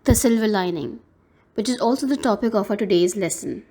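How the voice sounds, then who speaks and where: A woman with a Pakistani English accent giving a recorded lesson to an eighth-grade class, explaining words slowly and spelling out their pronunciation. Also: medium pitch, animated, warm tone, husky. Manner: slow, careful teacher's delivery spelling out pronunciations. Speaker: teacher.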